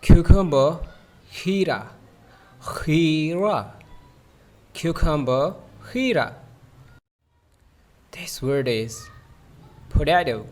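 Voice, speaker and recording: Slow, drilling male English teacher. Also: a little high, lively intonation, darkish tone. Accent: South Asian English. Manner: repeats each word several times with translations. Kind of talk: vocabulary lesson for kids.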